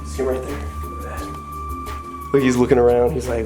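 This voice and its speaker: A man's voice: medium pitch, huge pitch swings, normal speed. A man hosting a wildlife vlog, chatting playfully while he cleans enclosures and talks to the animals. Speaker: wildlife keeper and vlog host. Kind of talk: casual narration while working. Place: indoor animal enclosure room. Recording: roomy, distant mic, music underneath.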